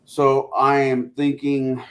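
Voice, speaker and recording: A man's voice: mid-range voice, completely flat delivery, slow. Hesitant man thinking aloud. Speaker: podcast panelist. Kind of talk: casual chat about tabletop games.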